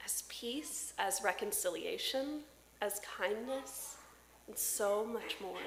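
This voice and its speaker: Woman pastor preaching in an echoey church. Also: mid-range voice. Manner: warm personal storytelling from the pulpit. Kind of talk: sermon. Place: church sanctuary. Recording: roomy church echo.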